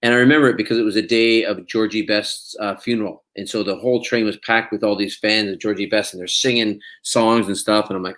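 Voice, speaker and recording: A man's voice: on the low side, fairly even intonation, fast, a bit bright. A man, an actor being interviewed, chatting casually and telling stories with frequent laughs. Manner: chatty storyteller, laughs often.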